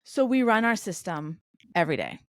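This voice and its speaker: Candid woman telling lively anecdotes. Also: fairly low pitch, normal speed, dry recording, clean studio sound. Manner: candid, animated anecdotes with quoted dialogue. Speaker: podcast guest. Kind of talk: conversational interview storytelling.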